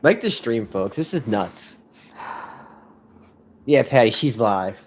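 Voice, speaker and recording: Animated man doing mocking commentary. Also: mid-range voice, takes it slowly. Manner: animated, incredulous, laughs often, mocking. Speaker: reaction commentary host. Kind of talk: casual reaction commentary.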